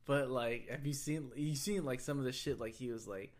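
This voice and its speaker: A man's voice: medium pitch, normal speed. A man with a Texan accent, co-hosting a casual chat in a rambling, slangy way with lots of swearing. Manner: rambling, swears often, loose slangy talk.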